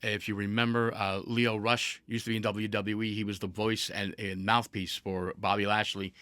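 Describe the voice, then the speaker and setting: A man's voice: lowish voice, level tone, normal speed, bright, forceful tone, dry recording, clean studio sound. A man hosting a casual podcast, telling a story with energy, with laughs and restarts along the way. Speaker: podcast host.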